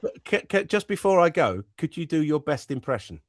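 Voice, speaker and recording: A man's voice: fairly high pitch, big pitch swings, fairly quick, dry recording, studio quality. A man as a comedian guest in casual banter, teasing and playful. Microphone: headphones.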